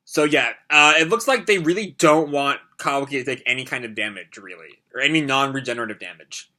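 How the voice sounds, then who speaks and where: A man's voice: medium pitch, lively intonation, brisk, few pauses, pushed and bright. A young man casually reading and reacting to a comic live, rambling with lots of fillers. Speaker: anime reaction host.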